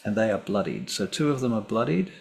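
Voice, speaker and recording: A man's voice: fairly low pitch, big pitch swings, fairly quick, vocal fry, a little mellow, a little hiss or hum. A man running a tabletop game as game master, easygoing and thinking aloud as he tallies dice.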